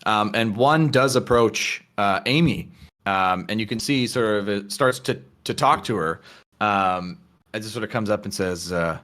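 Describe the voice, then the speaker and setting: A man running a tabletop role-playing game as game master, narrating with lots of fillers and slipping into quick character voices. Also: on the low side. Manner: halting, many fillers, lively character voices.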